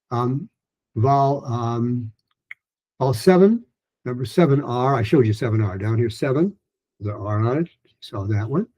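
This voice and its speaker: Relaxed male teacher with a husky voice. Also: medium pitch, highs cut off. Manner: relaxed, informal, with many fillers; gestures while explaining. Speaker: pronunciation teacher. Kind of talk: online lesson.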